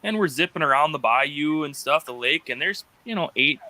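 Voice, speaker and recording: Wisconsin guy, bright voice, animated, does little voices for people. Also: moderate pace. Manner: animated, acts out quotes in high voices. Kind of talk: casual chat.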